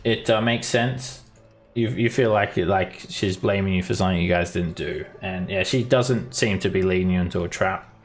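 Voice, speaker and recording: Man, dungeon master, low voice, casual narration, light music behind. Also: normal speed. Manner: relaxed, filler-laden narration. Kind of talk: narrating a tabletop game.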